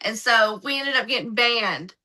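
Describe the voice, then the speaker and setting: Woman guest, high bright voice, lively casual storyteller. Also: moderate pace, rough recording. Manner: lively, acts out other people's lines in her retelling. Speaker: podcast guest.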